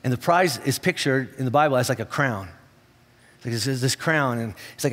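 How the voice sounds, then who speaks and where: A pastor preaching a sermon in a conversational, animated way, often restarting his sentences. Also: mid-range voice, normal speed. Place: church auditorium. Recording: long reverb of a church hall.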